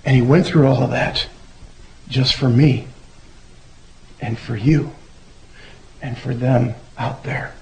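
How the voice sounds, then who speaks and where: A man giving a relaxed, conversational sermon who acts out the voices he quotes. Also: mid-range voice, takes it slowly, vocal fry, pauses often, rough recording. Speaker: preacher. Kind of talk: casual sermon.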